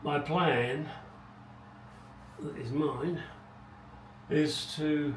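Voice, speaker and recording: Very slowly and with fairly even intonation, a middle-aged man with a slightly high voice rambles about restoring his car, casual and wry, muttering side comments. The echoey home garage recording uses a distant mic and picks up background noise.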